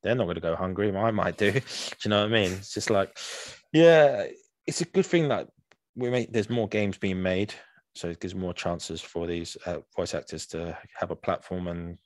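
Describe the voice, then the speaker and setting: A man's voice: low-pitched, normal speed, no echo. A man co-hosting a podcast, chatting casually and rambling with restarts and laughs. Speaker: podcast co-host. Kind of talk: casual chat.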